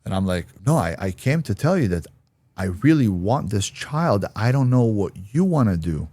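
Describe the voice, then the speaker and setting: A man's voice: on the low side, big pitch swings, normal speed, dark tone, dry recording. A man giving an interview, telling a personal story bluntly and acting out the voices of people he quotes. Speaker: interview guest.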